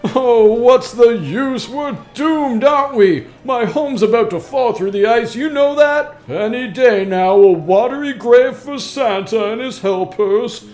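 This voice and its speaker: Man playing a cynical, doom-laden old Santa, high and slow, deadpan. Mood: gloomy.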